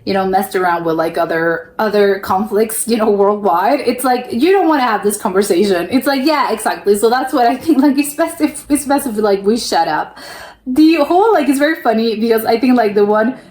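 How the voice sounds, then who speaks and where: A woman's voice: fairly high pitch, brisk, darkish tone, roomy sound. A woman from the United States giving casual reaction commentary, rambling and restarting with lots of "like". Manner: rambling, heavy use of "like", frequent restarts and laughs. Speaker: reaction video host.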